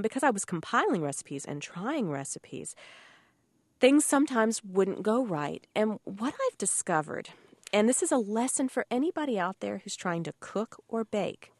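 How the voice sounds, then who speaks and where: Animated woman telling baking stories. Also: medium pitch, moderate pace, dry recording. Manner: animated storyteller, laughs often, acts out quoted voices. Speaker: guest cookbook author. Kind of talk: casual radio chat.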